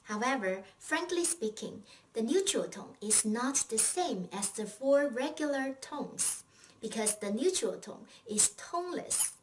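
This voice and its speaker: A woman teaching a scripted Chinese language lesson, speaking patiently and encouragingly, pausing for learners to answer. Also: a little high, animated, distant mic, slight background noise.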